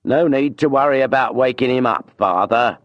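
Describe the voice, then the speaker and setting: A man's voice: medium pitch, normal speed, no room sound, highs cut off, voice pushed up, natural voice. A man voicing a crooked, conniving male postmaster, speaking in a reassuring, conspiratorial way.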